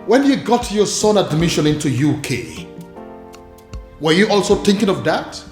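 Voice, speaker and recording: A man's voice: high-pitched, very animated, normal speed, a little mellow, echoey room, soft background music. An actor playing a stern king who speaks with authority to his son and his adviser. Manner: authoritative, commanding. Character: stern king, father of a princess.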